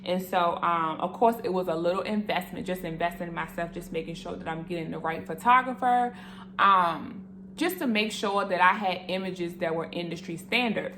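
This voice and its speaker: A woman's voice: on the low side, moderate pace, a little hiss or hum. Earnest young woman sharing a testimony. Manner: earnest and animated, speaks straight to viewers, emotional. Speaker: vlogger sharing her faith testimony. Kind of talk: casual testimony to camera.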